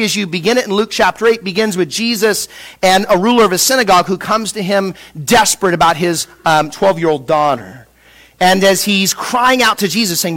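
A middle-aged male pastor from Southern California preaching a sermon in an animated, conversational way, acting out quotes and often restarting his sentences. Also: high voice.

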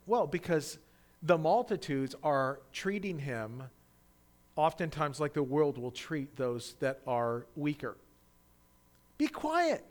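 A man preaching a sermon, reading scripture and then expounding on it, swinging from loud, animated cries in the quoted voices to quiet, intimate asides. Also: mid-range voice. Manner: acts out quoted voices loudly.

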